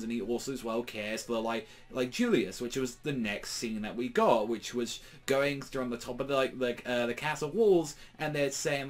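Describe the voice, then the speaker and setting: Brief: man, mid pitch, rambling casual recap, filler-heavy, excitable delivery. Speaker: anime reviewer.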